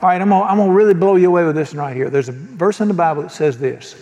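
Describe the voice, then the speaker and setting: A man's voice: high-pitched, racing, a little mellow, in a large hall. A man preaching a sermon as pastor, folksy and joking, often asking the congregation questions. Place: church sanctuary.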